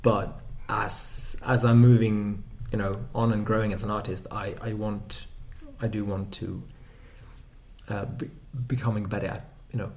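A man's voice: lowish voice, level tone, a little slow, a little mellow, a little hiss or hum. A man poet on a panel, reflective and hesitant, with frequent restarts. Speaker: spoken word poet on a panel. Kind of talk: panel discussion.

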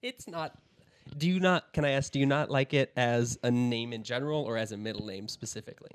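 A man's voice: mid-range voice, clear, resonant tone. Young guy podcast host, chatty, giggles a lot, trips over his words. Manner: laughs often, halting restarts. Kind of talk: casual podcast chat.

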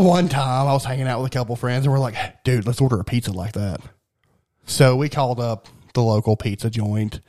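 A man's voice: mid-range voice, a little mellow. Sarcastic, crude-talking man. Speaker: podcast co-host. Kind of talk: casual profane chat.

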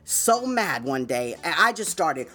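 This podcast host's slightly high voice is sing-song, pushed and bright, and he keeps a measured pace. He tells stories in an easygoing way, chuckles a lot, and keeps dropping "man" and "you know what I'm saying."

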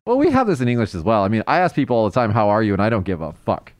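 Man hosting a podcast, fast talker, smooth clear voice, teasing and laughing, casual chat. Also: lowish voice, dry recording. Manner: animated, laughs often, teasing. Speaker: podcast host.

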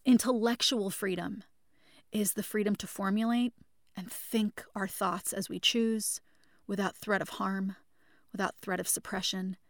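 A medium-pitched woman with fairly even intonation and a measured pace hosts a spoken mental health lesson. She leans on emphasis and repetition, calling listeners her friends, and the studio-mic recording is clean and echo-free.

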